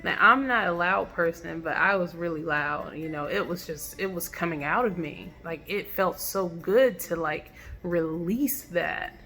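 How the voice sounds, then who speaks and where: Slow, gravelly woman recounting her experience. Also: lowish voice, a bit bright, soft background music. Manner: reflective, halting, many fillers and restarts. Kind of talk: personal testimonial monologue.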